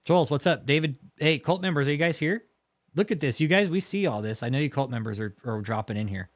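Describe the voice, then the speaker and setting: A man's voice: fairly high pitch, animated, fast talker. A man hosting a livestream, talking casually and heatedly, swearing often and mocking his target while reacting to chat. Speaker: livestream host.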